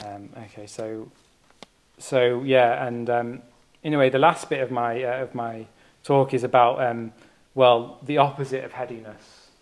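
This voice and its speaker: An earnest man gives a reflective talk at a retreat, searching for his words as he goes. His voice sits at an ordinary middle pitch, and his delivery is personal rather than polished. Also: steady tone, a little slow. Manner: earnest, searching, thinks aloud. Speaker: retreat speaker, doctor.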